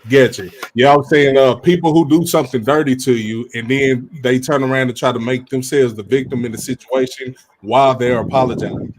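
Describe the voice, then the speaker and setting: A man's voice: mid-range voice, fairly even intonation, brisk, slight background noise. A man on a video call, laid-back in casual chat, repeating himself to get going. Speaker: podcast co-host.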